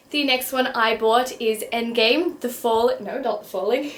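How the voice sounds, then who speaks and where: A young woman with a fairly high voice chats casually in her bedroom, recorded on the camera's own mic. She is bubbly and giggly, often stumbling over words and laughing at her own slips. Her tone stays light and self-deprecating throughout. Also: a little slow. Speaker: book vlogger. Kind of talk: casual vlog chat.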